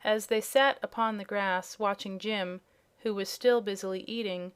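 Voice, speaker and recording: A woman's voice: medium pitch, moderate pace. Woman reading a children's storybook. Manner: even, clear storytelling. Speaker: audiobook narrator. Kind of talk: scripted storybook narration.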